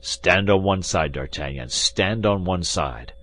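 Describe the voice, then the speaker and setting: A man's voice: deep voice, unhurried, a bit bright. A man doing a hollow-voiced, jeering musketeer. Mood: calm, jeering. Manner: drawling, mocking. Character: calm, jeering musketeer man locked in a cellar.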